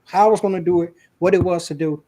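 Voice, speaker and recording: Man, earnest and emotional, slightly high voice, casual storytelling. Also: fairly even intonation, fast, dark tone. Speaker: guest. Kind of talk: candid personal storytelling.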